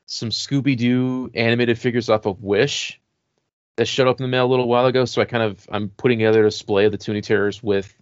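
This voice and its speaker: A man co-hosts a podcast, casually rambling about horror toys in a relaxed way and leaning heavily on "like" and other fillers. His voice is medium-pitched and quick, and the audio is dull with no echo.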